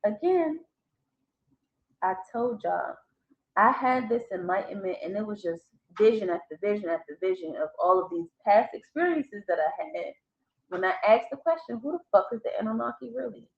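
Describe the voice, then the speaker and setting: A woman with a medium-pitched voice talks to camera at a moderate pace, casually telling a story from her own life. She swears a lot and laughs in bursts, animated throughout. The recording has an echoey room and a slightly dull sound.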